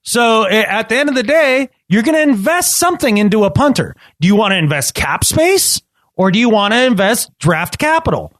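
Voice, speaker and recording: A man co-hosting a casual sports podcast, talking emphatically and repeating himself when excited. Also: high voice, a little fast, dry recording, studio quality. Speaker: podcast co-host.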